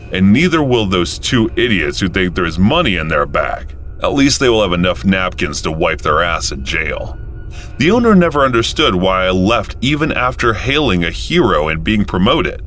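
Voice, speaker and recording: Male narrator, very deep, lively intonation, calm first-person telling, faint music underneath. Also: normal speed, slight background noise. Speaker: story narrator.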